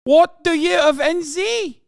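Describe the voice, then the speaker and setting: Guy doing a rowdy kiwi heckler, new put on, loud and pitched way up. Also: slow, gravelly, no room sound, clean studio sound, exaggerated voice. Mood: taunting. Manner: taunting, repetitive, shouting. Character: rowdy male New Zealander heckling about his country.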